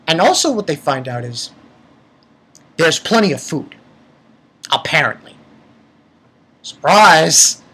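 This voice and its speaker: A man's voice: fairly high pitch, pushed and bright, slightly rough. A man giving a casual spoken review of an episode. He rambles, swears freely and often restarts his sentences. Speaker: anime reviewer.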